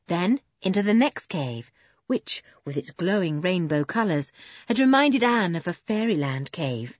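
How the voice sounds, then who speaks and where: A woman reading a children's adventure story aloud with expressive narration. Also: lowish voice, measured pace, dry recording, muffled recording.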